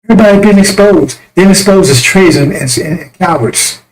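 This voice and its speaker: A man with a high voice preaches in a fiery, rambling rant. His delivery is crude and mocking, full of scorn for those he condemns. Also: fairly quick, poor audio. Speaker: self-styled religious messenger. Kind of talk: impassioned religious rant.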